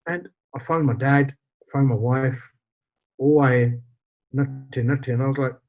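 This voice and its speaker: A man in his forties, a podcast guest, tells a personal story in a steady, unhurried, medium-pitched voice, acting out quoted dialogue and slipping in Punjabi phrases. The lo-fi podcast audio is slightly dull.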